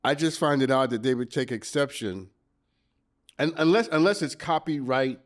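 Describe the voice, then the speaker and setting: A man hosting a podcast in casual chat, animated and quick to laugh, often repeating himself as he warms up. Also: mid-range voice. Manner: animated, laughs readily, stumbles into repeats when excited. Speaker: podcast host.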